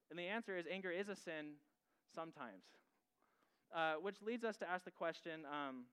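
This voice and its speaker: A man's voice: a little high, a bit bright, clean tone, low-quality recording. A male pastor preaching a sermon in a casual, conversational way, asking the audience questions directly.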